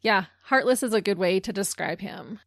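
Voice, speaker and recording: A woman's voice: mid-range voice, animated, moderate pace, gravelly, no room sound, studio quality. A woman co-hosting a true crime podcast, reading the case and then joking with her co-host. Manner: giggly and teasing in outtakes. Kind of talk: scripted true crime narration and casual banter.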